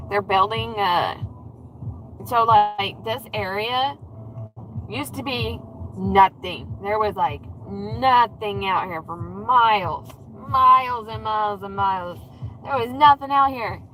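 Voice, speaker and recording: Woman vlogger mid-drive, casual and profane, lively storytelling, light car noise. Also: mid-range voice, slow, pauses often. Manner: chatty, swears freely, animated re-enactments. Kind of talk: casual livestream chat while driving. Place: in a car in traffic. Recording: faint road noise and rattles.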